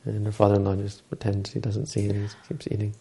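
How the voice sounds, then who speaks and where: A man giving a dharma talk, retelling a Buddhist story in a halting way with many restarts and self-corrections. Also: fairly low pitch, completely flat delivery, gravelly, warm tone.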